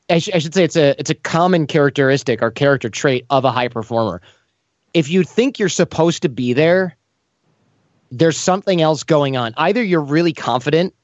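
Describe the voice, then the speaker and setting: A man in an interview, telling lively stories and acting out the voices of the people in them. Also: mid-range voice, no room sound, lo-fi sound. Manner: animated, acts out quoted voices. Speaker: podcast host as guest. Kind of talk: casual storytelling interview.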